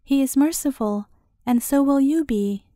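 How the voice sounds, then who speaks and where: A woman's voice: high voice, unhurried, warm tone, no room sound, clean studio sound. A woman voicing a grieving, pleading mother. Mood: sorrowful. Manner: sorrowful, pleading. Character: grieving young mother searching for her child.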